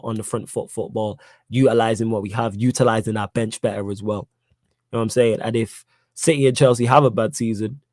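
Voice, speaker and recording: With a mid-range, somewhat mellow voice captured in a dry recording, this young man runs a live football podcast. He reads viewers' chat questions with slang and emphasis, repeating himself to drive points home, in a relaxed live-stream style.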